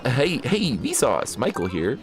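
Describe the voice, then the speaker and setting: A man doing a deadpan mock science host. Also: medium pitch, slow pace, faint music behind, heavily acted. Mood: mock-pondering. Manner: deadpan rhetorical musing with silly questions. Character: mock male science-show host, musing.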